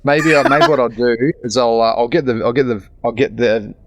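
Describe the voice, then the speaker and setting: A man's voice: medium pitch, fairly even intonation, brisk, no room sound. A man in his thirties with an Australian accent, an actor talking in a casual, rambling podcast interview. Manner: chatty, rambling with many restarts. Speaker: actor guest.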